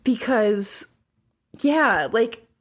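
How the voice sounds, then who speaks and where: A woman co-hosting a podcast, emphatic and quick to agree as she recaps a TV episode and acts out quotes. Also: a little high, animated. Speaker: podcast co-host. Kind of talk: casual chat recapping a TV episode.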